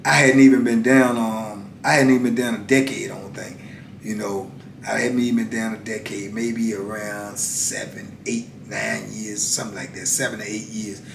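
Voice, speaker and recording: A middle-aged man telling his own story in a casual, slangy, emphatic way, acting out shouted exchanges. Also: fairly even intonation, normal speed, creaky. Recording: echoey room with faint rumble.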